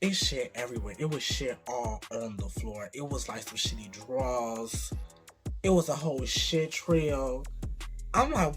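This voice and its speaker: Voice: mid-range voice, a little slow, music in the background. Young adult vlogger, profane storytime. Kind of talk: casual storytime.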